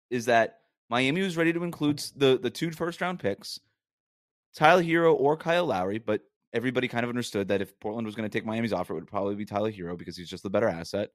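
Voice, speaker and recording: A man's voice: mid-range voice, animated, fast, dry recording, studio quality. A man hosting a sports podcast, arguing his points emphatically in a casual monologue with frequent rhetorical questions.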